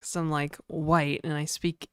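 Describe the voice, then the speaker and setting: Canadian woman streamer, lightly accented, smooth and dry, chatty and joking. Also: deep voice, little pitch movement, a little slow, a bit bright, dry recording. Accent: mild Canadian. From Canada (New Brunswick). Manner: chatty, joking, answers chat aloud. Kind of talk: casual live-stream chat.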